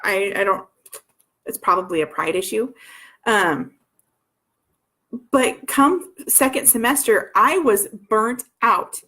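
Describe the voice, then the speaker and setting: A woman's voice: mid-range voice, expressive, slow, long pauses, sharp tone. A woman in her thirties, a homeschooling mother telling her story in a rambling way, full of restarts and asides. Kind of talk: personal storytelling.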